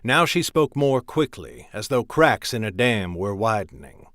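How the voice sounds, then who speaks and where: A man narrating a fantasy audiobook in a measured, even reading voice. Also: lowish voice, dry recording, clean studio sound.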